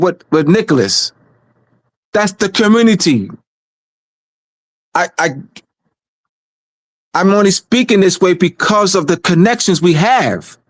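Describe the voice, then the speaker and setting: A man's voice: high-pitched, dry recording. Man talking emphatically, dry sound. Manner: emphatic, repeats phrases for stress. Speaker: guest speaker on a community livestream. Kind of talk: casual livestream talk.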